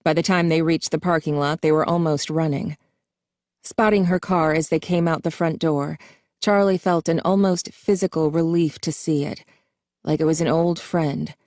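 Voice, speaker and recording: Mellow-voiced woman narrating an audiobook. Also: low voice, fairly even intonation, normal speed, dry recording, clean studio sound.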